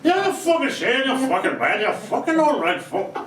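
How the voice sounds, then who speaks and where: A man's voice: extremely high pitch, sing-song, slight background noise, full character voice. A man playing a foul-mouthed, aggressive heckler. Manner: swearing constantly, aggressive, rapid. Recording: roomy club from far off, loud audience.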